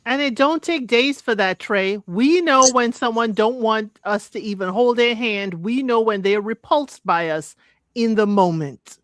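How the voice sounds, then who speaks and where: A woman with a slightly high voice chimes in during a casual podcast chat, agreeing and adding to the point. The sound is dry and close. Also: a little slow, dry recording.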